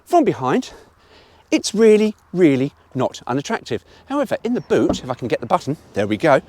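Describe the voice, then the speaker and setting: Lively, animated man reviewing a car. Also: fairly high pitch, brisk, slight background noise. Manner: chatty, blunt and opinionated, with mild swearing.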